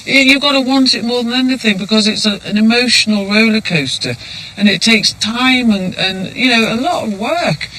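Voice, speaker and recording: A woman's voice: a little high, moderate pace, pushed and bright, slight background noise, rough recording. A woman sheepdog trainer giving instruction outdoors on a hillside, calling commands firmly.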